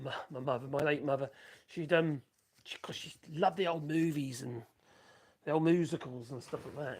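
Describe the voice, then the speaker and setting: Gravelly bloke, husky, chatting away in his workshop. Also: fairly high pitch. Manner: rambling, chatty, muttering asides to himself. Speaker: woodworking livestream host. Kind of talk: casual chat while working.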